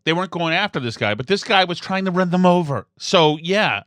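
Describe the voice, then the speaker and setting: A male podcast host with a bright, crisp voice, recorded close and dry. He rambles casually, interrupting himself and circling back as he sets up his story. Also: high-pitched, expressive, a little fast, no echo. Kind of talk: casual commentary.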